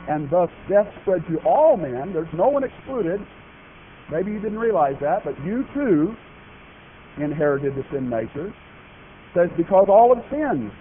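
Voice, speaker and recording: A man preaching a sermon, speaking emphatically and asking his congregation questions. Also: a little high. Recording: tinny phone-like broadcast audio with faint noise.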